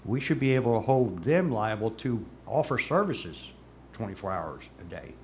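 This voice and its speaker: A New man speaks at a city council meeting, pressing his case and doubling back on words as he goes. His voice sits a little low. A light hiss runs under the stream. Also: expressive, moderate pace, a little mellow. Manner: emphatic, repeats words when pressing a point. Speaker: city commissioner.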